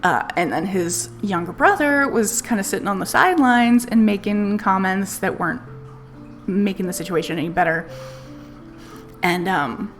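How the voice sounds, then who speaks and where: A woman's voice: medium pitch, moderate pace. Candid woman telling a story. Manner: candid, swears freely, laughs while telling. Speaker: streamer. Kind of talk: casual storytelling on a live stream. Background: faint music playlist.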